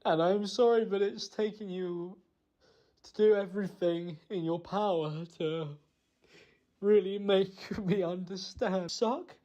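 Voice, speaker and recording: A man giving an emotional, halting spoken apology. He blames himself, pauses often and restarts his sentences. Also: high-pitched, fairly even intonation, warm tone, muffled recording. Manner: halting, self-blaming, full of pauses and restarts. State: emotional, choked up. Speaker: person recording a personal apology.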